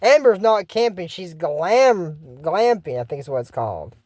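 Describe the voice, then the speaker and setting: A YouTuber rambles through a cartoon episode recap, full of fillers and sudden asides. The voice is mellow and relaxed, at a middle pitch. The recording is dry and close. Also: normal speed, dry recording. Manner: rambling, many fillers, acts out quotes.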